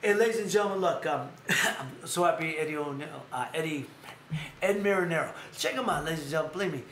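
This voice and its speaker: A man's voice: fairly high pitch, fast. A man hosting a live stream, chatting casually and acting out stories with quoted voices. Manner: animated storyteller who acts out quotes in others' voices. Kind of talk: casual storytelling chat. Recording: echoey room with faint noise.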